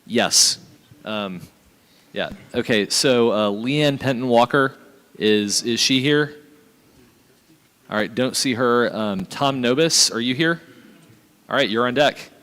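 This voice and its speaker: A man chairs a committee meeting at a medium pitch. He runs through names and procedure with "um"s and "uh"s between them. His voice carries a long echo in a large convention hall. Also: fairly bright tone. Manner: procedural, calls out names with filler pauses. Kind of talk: chairing a hearing.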